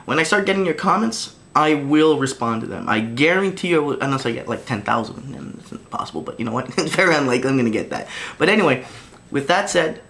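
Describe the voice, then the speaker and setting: A man's voice: mid-range voice, lively intonation, fast, vocal fry, fairly bright tone. A man recording a video diary straight to camera, talking in an earnest, pleading way, full of restarts and fillers. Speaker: vlogger.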